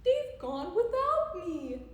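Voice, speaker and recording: Woman voicing a gentle young boy T-Rex, plaintive, high-pitched, roomy echo, faint noise. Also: big pitch swings, takes it slowly, heavily acted. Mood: wailing. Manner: plaintive, high and loud when upset.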